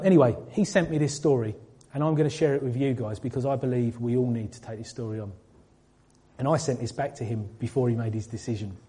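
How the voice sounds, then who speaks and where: A man's voice: mid-range voice, dark tone. A man giving an informal sermon to a congregation, chatty and full of fillers and restarts. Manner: conversational, with fillers and restarts, addressing the room. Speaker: church speaker.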